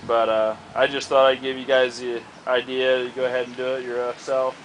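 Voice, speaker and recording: A man's voice: mid-range voice, completely flat delivery, moderate pace, poor audio. Rambling man outdoors, rustling noise. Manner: rambling, many fillers and restarts. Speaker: hobbyist vlogger showing a homemade build. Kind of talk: casual outdoor show-and-tell.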